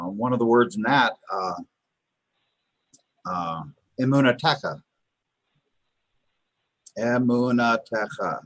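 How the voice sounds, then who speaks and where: Low, husky man teaching Hebrew. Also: no room sound. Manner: patient, repeats words slowly, many fillers and restarts. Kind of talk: live online lesson. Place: Chabad house.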